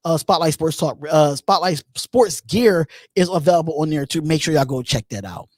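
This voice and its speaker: High-voiced man hosting a call-in show. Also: dry recording. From Philadelphia. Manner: loose, animated, repeats himself. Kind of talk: casual live-stream chat.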